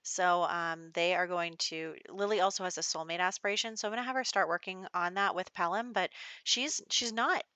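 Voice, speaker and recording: A woman's voice: fairly low pitch, steady tone, fairly quick, few pauses, sharp tone, clear, resonant tone, no room sound. Sex: woman. Style: chatty let's play narration. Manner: chatty, filler-heavy storytelling. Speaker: gameplay narrator. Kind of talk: casual let's play commentary.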